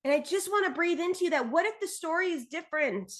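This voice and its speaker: A woman hosting a solo spiritual podcast, talking bluntly and passionately, swearing freely and slowing down to stress her points. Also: very high voice, animated, fairly bright tone. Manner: intense, emphatic, slows to stress points. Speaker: podcast host.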